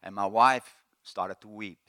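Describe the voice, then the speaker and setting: A man's voice: on the low side, sharp tone, dry recording, studio quality. Man preaching in short phrases. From Sweden. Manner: speaks in short phrases, pausing for interpreter. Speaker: preacher giving testimony. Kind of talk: sermon testimony with interpreter.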